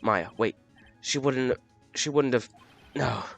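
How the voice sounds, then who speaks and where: A man's voice: mid-range voice, takes it slowly, vocal fry, soft background music. A man reading a game's dialogue aloud, with chatty asides about his own voices and audio. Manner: chatty, self-commenting asides. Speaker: game narrator.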